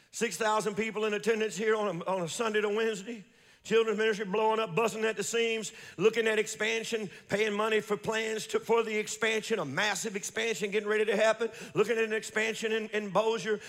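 A man preaching a fiery sermon in a large church, building up to shouts. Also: high voice, big-room sound. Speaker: pastor.

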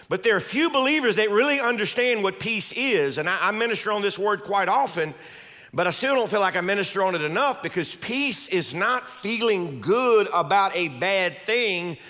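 A man's voice: high voice, fairly bright tone. A male pastor preaching a sermon with emphatic delivery, repeating key words and calling on the congregation to respond.

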